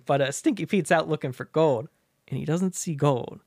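A man's voice: on the high side, normal speed, no room sound, studio quality. A man in casual chat retelling a story with lots of laughter, slipping into character voices. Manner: animated, laughs often, acts out characters.

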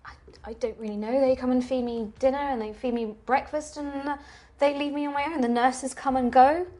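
A woman's voice: high voice, steady tone, fairly quick, dark tone. A woman game master voicing a frightened elderly woman held in an asylum, speaking hesitantly and stammering in a tabletop role-play. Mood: fearful.

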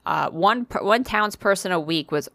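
A woman with a fairly low voice tells a story in loose, casual podcast chat. She swears freely, laughs a lot and pokes fun at herself. The sound is close and dry, with no room echo. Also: expressive, normal speed, vocal fry, a bit bright. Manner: profane, laughs often, self-deprecating. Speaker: podcast co-host.

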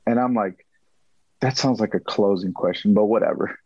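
A man's voice: on the low side, moderate pace, no echo. Guy telling a story on a podcast, acts out the quotes, kinda muffled and dry. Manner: animated, acts out quotes, repeats himself. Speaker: guest. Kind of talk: storytelling in a casual interview.

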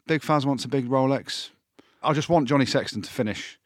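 A man co-hosting a casual rugby podcast, talking in an animated, emphatic and jokey way. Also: mid-range voice, brisk, no echo, studio quality. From England. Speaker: podcast co-host. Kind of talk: casual sports chat.

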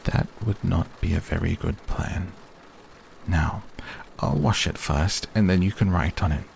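A man voicing a gentle, simple male teddy bear who speaks slowly and earnestly. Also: sits low, gravelly, a little hiss or hum, heavily acted.

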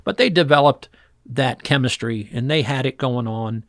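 A man who works as a fishing guide, telling old stories in a relaxed interview and acting out the voices of people in them. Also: medium pitch, moderate pace, dry recording, studio quality. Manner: animated storyteller acting out voices in quotes. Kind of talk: storytelling interview chat.

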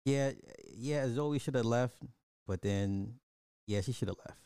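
A man giving a blunt, animated movie review in casual chat, talking straight to his viewers. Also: mid-range voice, measured pace, clean tone, no echo, clean studio sound.

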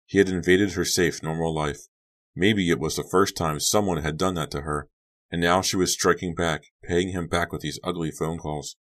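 A man narrating an audiobook in an even, measured storytelling voice. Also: low voice.

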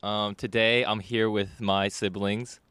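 A young man hosting a casual chat with his siblings, chatty and quick to laugh at himself. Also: fairly low pitch, flat delivery, pushed and bright. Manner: chatty, laughing, self-correcting. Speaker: podcast host.

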